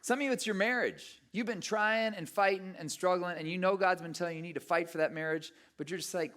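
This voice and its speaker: A middle-aged man preaching a sermon with a slightly higher voice than most men. He tells stories in an animated way and acts out his own inner voice as he goes. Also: fairly quick, hardly any pauses. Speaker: pastor.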